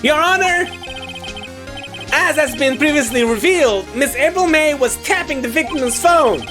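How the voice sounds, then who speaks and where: A woman reading an earnest young male defense attorney in a video game, lowering her voice. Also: animated, unhurried. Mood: forceful. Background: game music.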